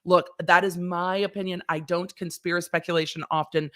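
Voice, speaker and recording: A woman's voice: on the low side, little pitch movement, fairly quick, few pauses, fairly bright tone. A woman lawyer hosting a casual livestream, chatty and rambling, swearing and laughing as she talks.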